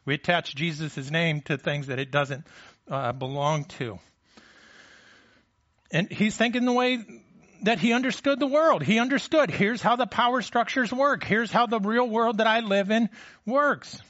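High-voiced man preaching conversationally. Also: measured pace, a bit bright, no room sound, lo-fi sound. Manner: conversational preaching with frequent restarts and rhetorical questions. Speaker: pastor. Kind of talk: sermon.

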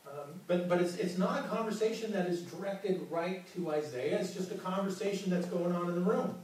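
Pastor guy preaching, kinda high voice, super echoey church hall, mic far off. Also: brisk, a little mellow, slight background noise. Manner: earnest, repeats words often. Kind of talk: sermon.

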